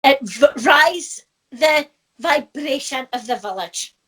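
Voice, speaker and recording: Scottish woman, middle-aged, high bright voice, chatty spiritual teacher who laughs a lot. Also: takes it slowly. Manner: lively storyteller who laughs often. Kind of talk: casual chat.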